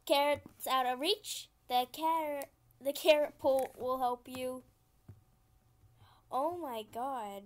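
High-voiced woman narrating her gameplay. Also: steady tone, slow. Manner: chatty, easily frustrated, giggly. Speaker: gaming channel host. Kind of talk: casual game commentary.

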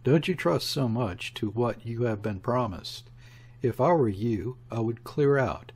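A man reading the lines of a smooth, emphatic police inspector in an audiobook. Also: medium pitch, a little slow, a little mellow. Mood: cool. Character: cool, smooth middle-aged male police inspector.

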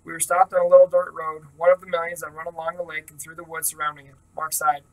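A man reading a first-person novel aloud in a steady, plain manner, with small slips. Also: fairly high pitch, quick pace, hardly any pauses, recorded from a distance, poor audio. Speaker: reader.

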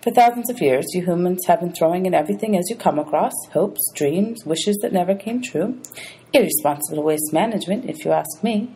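A woman's voice: lowish voice, expressive, fairly quick, mellow, a little hiss or hum, pitched above the performer's own voice. A woman reading aloud, voicing a greedy ancient male ferryman of the dead who grumbles and haggles. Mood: scornful. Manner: grumbling, sly, money-hungry.

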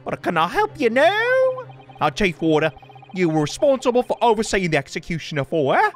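A man voicing a gruff prison governor in a high, overdone mock-Scottish accent, reading game dialogue for a let's play. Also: huge pitch swings, fairly quick, faint music behind. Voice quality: high, exaggerated put-on voice. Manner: hammy, overdone.

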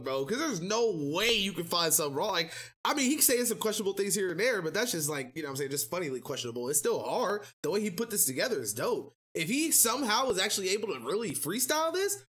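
A young woman from the United States giving casual, slangy reaction commentary in an animated, chatty way. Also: mid-range voice, slightly rough. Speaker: reaction video host.

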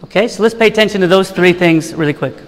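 A priest preaching an earnest sermon in a church, with rhetorical questions and repeated lists. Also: male voice, high-pitched, fast talker, in a large hall, rough recording.

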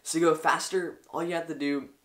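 A man's voice: on the high side, steady tone, a little fast, a bit bright. A young man hosting a science video, explaining in an eager, enthusiastic way. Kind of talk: educational explainer.

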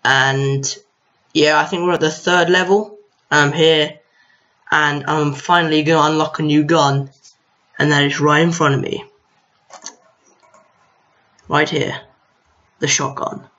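A man's voice: on the high side, steady tone, takes it slowly, long pauses, sharp tone. Young guy rambling over his game, teasing the monsters, kinda muffled cheap mic. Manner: chatty, talks to enemies on screen, mild exasperation. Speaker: gaming video host. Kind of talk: casual gameplay commentary. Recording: lo-fi home mic.

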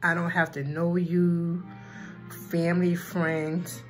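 A woman vlogger in casual chat, talking slowly and from the heart, with a Black way of speaking and frequent ums. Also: on the low side, little pitch movement, soft background music, low-quality recording. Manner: slow and heartfelt, with filler ums.

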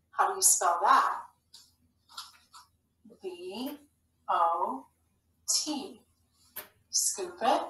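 A woman teaching a phonics lesson to young children, speaking clearly and patiently. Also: medium pitch, bright, forceful tone. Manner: slow, clear, patient instructional delivery. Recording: echoey room, mic at a distance.

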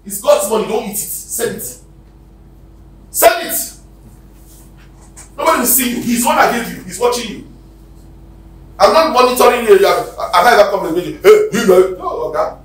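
A Nigerian-accented man preaching a sermon as pastor, swinging from loud shouted exhortations to quiet near-whispers. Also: high voice, lively intonation, fast talker. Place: church hall. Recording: echoey hall, distant mic, faint noise.

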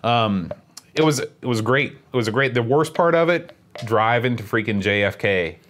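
A man's voice: mid-range voice, expressive, normal speed, a bit bright. Easygoing man telling stories. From West Virginia. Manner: easygoing, self-mocking storyteller. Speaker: podcast co-host. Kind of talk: casual chat.

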